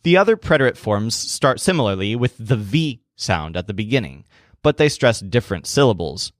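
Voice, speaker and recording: A man narrating a scripted language lesson as a slow, deliberate story. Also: lowish voice, big pitch swings, no echo, studio quality. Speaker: language teacher.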